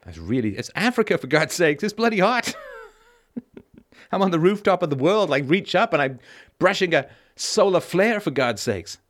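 A man's voice: a little high, very animated, moderate pace, fairly bright tone. Blunt, emphatic middle-aged man hosting a call-in show. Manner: emphatic and blunt, swears, keeps asking "right?". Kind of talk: conversational call-in monologue.

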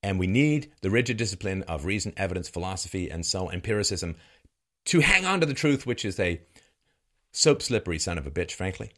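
A middle-aged man giving a sardonic monologue commentary that mocks what he criticizes, with bursts of laughter. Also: brisk. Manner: sardonic, mocking, with lively swings in pitch and bursts of laughter.

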